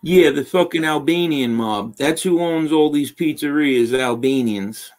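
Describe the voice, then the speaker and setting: A man drops into a live stream as a guest, blunt and wisecracking, swearing constantly. His voice sits a little high for a man. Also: unhurried, darkish tone. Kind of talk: casual chat.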